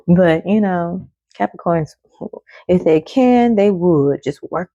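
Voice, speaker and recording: A woman's voice: on the low side, lively intonation, slow, pauses often, dry recording, phone-quality sound. A woman giving a casual oracle card reading in a loose, chatty way, laughing often and swearing freely.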